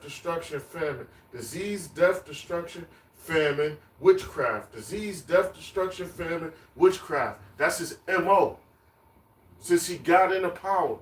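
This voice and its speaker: A man preaching on the street, emphatic and repetitive, chanting lists of words. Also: fairly high pitch. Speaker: street teacher. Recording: echoey, distant mic, faint ambience.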